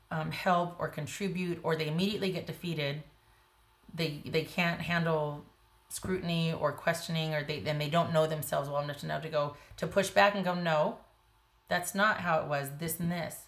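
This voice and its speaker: A woman's voice: low-pitched, a bit bright. A woman giving a casual tarot reading, talking bluntly and emphatically, with frequent restarts. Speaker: tarot reader.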